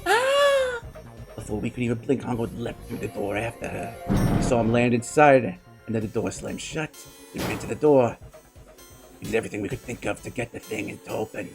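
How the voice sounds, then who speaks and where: A man's voice: mid-range voice, a little fast, over loud music. A man hosting a game playthrough, reading the story text aloud with blurted reactions. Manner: expressive, gravelly read-aloud with blurted reactions. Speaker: let's play host.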